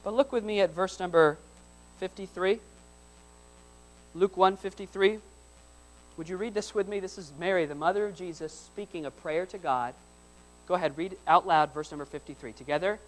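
A man with a fairly high voice preaches a sermon to his church congregation. His delivery swings from hushed asides to loud, driving repetitions that climb in force. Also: moderate pace, pauses often, low-quality recording. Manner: builds repeated lines into loud emphatic peaks; drops to soft, quiet asides between peaks. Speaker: pastor. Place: church service before a congregation.

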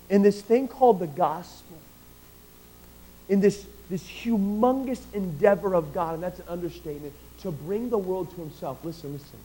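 A middle-aged man preaches at normal speed in a high-pitched voice, captured on a rough recording. He swings between loud, emphatic declarations and quiet personal storytelling, often repeating and restarting phrases.

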